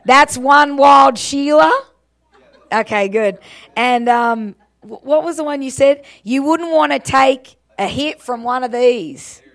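A woman's voice: fairly high pitch, measured pace. Bubbly Australian woman preaching. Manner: bubbly, chatty, laughs often. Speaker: guest speaker. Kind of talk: church talk to a congregation.

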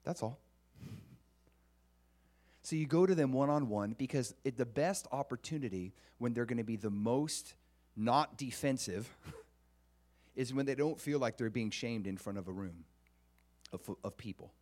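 A man of middle pitch preaching to his congregation in a conversational way. He sounds earnest, restarts his sentences often, and keeps asking the room questions. His pitch swings up and down as he presses each point. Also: unhurried, pauses often, a little mellow. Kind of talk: conversational sermon.

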